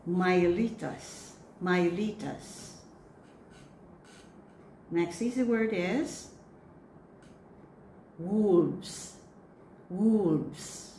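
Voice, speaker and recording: A woman coaching church readers on pronunciation. She says each word slowly and clearly, then repeats it. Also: fairly low pitch, dark tone. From Philippines. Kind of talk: pronunciation drill, slow and repeated. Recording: echoey room with faint noise.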